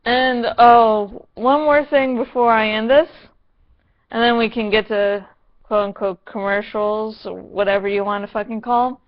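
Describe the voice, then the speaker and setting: A woman vlogger talks slowly and with sarcasm, her voice a little high. She swears freely and keeps a playful edge. The recording sounds dull and lo-fi. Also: steady tone. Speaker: vlogger reviewing a TV episode. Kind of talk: casual review vlog.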